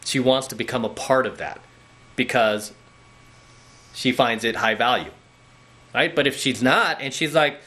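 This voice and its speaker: Blunt, forceful male dating coach. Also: mid-range voice, measured pace, pauses often. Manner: blunt, lecturing, repeats "okay?" and "right?". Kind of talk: direct-to-camera coaching monologue.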